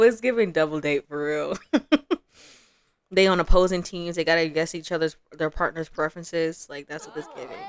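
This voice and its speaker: Brief: young woman, gameplay commentator, lively pitch, chatty, quick to laugh. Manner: chatty, laughs often, acts out quotes. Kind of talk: casual game commentary.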